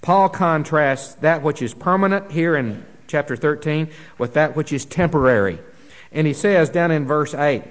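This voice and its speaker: A man preaching a sermon earnestly, swinging between emphatic lines and hushed ones, often repeating a word as he restarts. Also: on the high side, moderate pace. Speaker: pastor.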